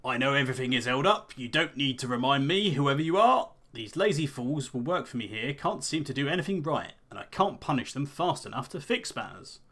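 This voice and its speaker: A man's voice: mid-range voice, animated, brisk, hardly any pauses, a bit bright. Man voicing brutal half-orc boss, contemptuous, commanding, game dialogue. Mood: scornful. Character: villainous half-orc overseer man, cruel and scornful.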